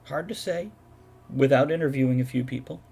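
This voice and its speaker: Male game master, mid-pitched, methodical, explanatory, laughs often. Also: brisk, gravelly, warm tone, slightly rough. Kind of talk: running a tabletop game over voice chat.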